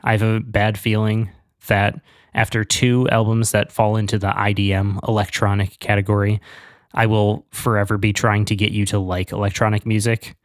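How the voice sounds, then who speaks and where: A man's voice: lowish voice, little pitch movement, moderate pace, no echo, studio quality. A man co-hosting a pop culture podcast, chatting casually and enthusiastically with lots of fillers. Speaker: podcast co-host. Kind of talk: casual chat.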